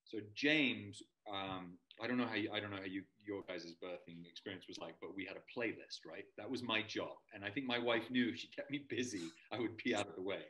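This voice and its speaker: Man, actor guest, rambling anecdotes, bright voice, roomy echo. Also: fairly low pitch, a little fast, few pauses, highs cut off. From Montana and London. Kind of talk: casual storytelling interview.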